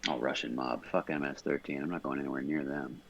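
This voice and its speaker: A man's voice: extremely low pitch, fairly even intonation, fast talker, vocal fry, fairly bright tone, slightly rough, no room sound, rough recording. A man in casual podcast chat, stoned, rambling and swearing as he talks. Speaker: podcast guest.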